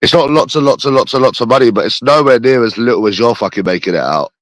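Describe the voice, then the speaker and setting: A man's voice: mid-range voice, fast, no echo, poor audio. A man with a phlegmy cough, ranting in a repetitive, rambling, profane casual monologue. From London.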